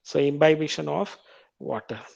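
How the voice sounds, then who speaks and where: A man with an Indian English accent lecturing on biology, reading quiz questions aloud, repeating them slowly and explaining the answers patiently. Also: on the high side, vocal fry, darkish tone, dry recording, dull audio. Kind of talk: quiz-style classroom lecture.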